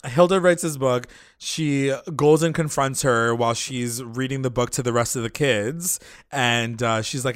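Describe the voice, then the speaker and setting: A man's voice: mid-range voice, measured pace, a bit bright, clear, resonant tone, no echo, studio quality. A man co-hosting a podcast in loose casual chat, full of fillers and swearing.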